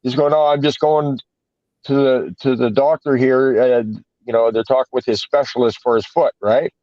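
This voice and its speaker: A man's voice: mid-range voice, steady tone, moderate pace, mellow, no room sound. A man in casual podcast chat, telling a rambling story full of swearing and filler words. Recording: dull, dry lo-fi podcast audio.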